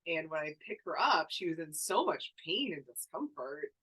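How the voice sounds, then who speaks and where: An emotional student speaks up in class, close to tears, stopping and restarting as they hunt for the right words. Their voice has a middling pitch. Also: sing-song, pushed and bright, breathy edge, low-quality recording. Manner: halting, searching for words.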